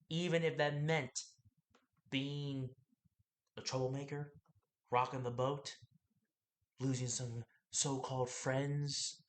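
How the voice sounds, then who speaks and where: Animated man preaching self-improvement. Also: mid-range voice. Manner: animated and preachy, asks the listener questions, acts out other people's lines; rambling, with laughs and restarts. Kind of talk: motivational podcast monologue.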